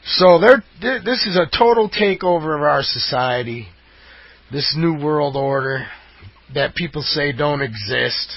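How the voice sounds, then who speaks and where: A man's voice: a little high, expressive, unhurried, husky, no room sound. A man delivering a fired-up, rambling monologue as host, emphatic and insistent. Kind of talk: impassioned conspiracy monologue. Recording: dull lo-fi audio.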